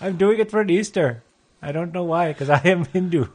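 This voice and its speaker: A man's voice: sits high, normal speed, a little mellow. A man co-hosting a comedy podcast who reads out listener questions and giggles through crude banter. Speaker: podcast co-host.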